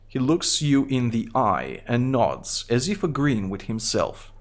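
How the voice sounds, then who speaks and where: Lively Bulgarian-accented game streamer. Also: male voice, mid-range voice. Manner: quick, lively, half-joking asides. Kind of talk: live gameplay commentary, reading game text.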